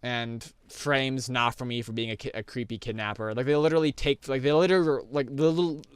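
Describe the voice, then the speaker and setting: Rambling young man, smooth and dry. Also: medium pitch, fairly quick, no echo. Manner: rambling, lots of fillers and restarts. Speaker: anime reviewer. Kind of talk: casual rambling review over gameplay.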